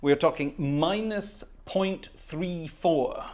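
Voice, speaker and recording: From the organ console, a man hosting a livestream concert greets each viewer casually, humming between their names. His voice is on the high side, slow, and a little mellow.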